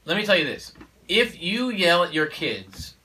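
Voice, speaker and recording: He has a high, sing-song voice with a sharp tone, yet he takes his time. As a father of four talking parenting in a casual conversation, he's emphatic and preachy, often saying "you know" and "okay?". The audio is poor and recorded from a distance.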